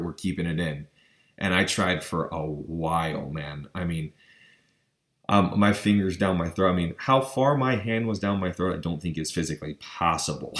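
A man earnestly retelling a personal experience, with frequent stammers and restarts, leaning on the word literally. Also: low-pitched. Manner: keeps saying literally. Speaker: vlogger. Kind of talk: personal storytelling.

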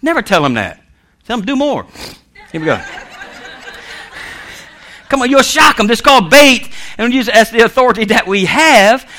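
Bright, lively-voiced laughing preacher man. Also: very high voice, moderate pace, pauses often, slight background noise. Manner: laughs often, acts out voices in his stories; calls out "amen" and "come on". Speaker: minister. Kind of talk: humorous preaching.

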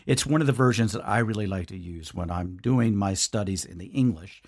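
Husky-voiced man hosting a devotional podcast. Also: on the low side, fairly quick, a little mellow. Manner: earnest, conversational, addresses listener directly. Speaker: podcast host.

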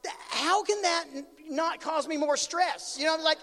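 A high-voiced pastor tells a story during his sermon at normal speed, swinging lively between loud outbursts and quiet asides. The long reverb of a big hall rings around his voice.

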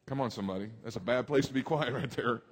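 A man, preaching a sermon emphatically, dropping low and rising loud. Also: fast. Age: 40s. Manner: emphatic preacher, swings between hushed and loud. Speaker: pastor. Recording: long hall reverb.

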